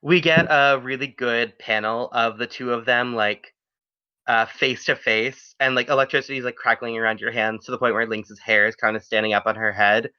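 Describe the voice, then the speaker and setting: A man's voice: mid-range voice, moderate pace, clear, resonant tone. A man narrating a tabletop game as game master, in a casual, rambling storytelling way, on a dull lo-fi recording. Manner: lively, casual storytelling with fillers.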